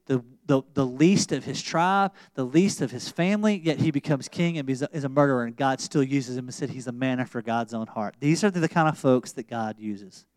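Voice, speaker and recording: A man preaching a sermon in a casual, slangy storytelling way, swinging between loud emphasis and quiet, intimate moments. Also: medium pitch, no echo. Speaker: pastor.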